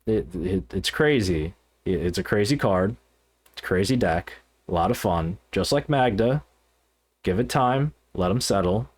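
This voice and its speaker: A man co-hosting a podcast, talking casually and haltingly, with many fillers and restarts. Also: low voice, animated, slightly rough. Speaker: podcast co-host. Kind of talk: casual podcast chat about card games.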